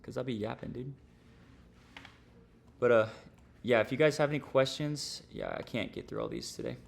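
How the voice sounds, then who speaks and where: A man's voice: mid-range voice, normal speed, gravelly. A young man teaching trading on a livestream, casual and rambling, full of slang and fillers. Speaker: trading streamer.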